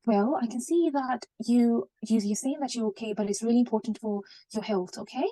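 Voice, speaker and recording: A woman role-playing a junior doctor, speaking gently and reassuringly with many okays. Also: a little high, a little fast, no room sound, natural voice.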